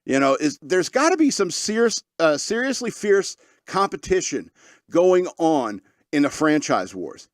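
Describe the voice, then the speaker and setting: A man's voice: a little high, very animated, measured pace, no room sound, studio quality. Rambling opinionated male podcast host. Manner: rambling, opinionated, frequent restarts and chuckles. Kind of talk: casual opinion talk.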